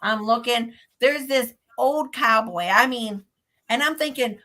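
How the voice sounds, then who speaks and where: A woman's voice: a little high, unhurried. A woman hosting a show, telling a story in casual chat and acting out her own reactions. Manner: animated, acts out her own reactions in quotes. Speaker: podcast host.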